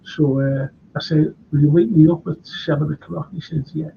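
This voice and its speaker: On his casual chat show, an older host from Liverpool rambles and chats with many restarts, worn out from lack of sleep. His voice is creaky, fairly high in pitch, steady in tone, at normal speed. The sound is dull and lo-fi, with faint noise.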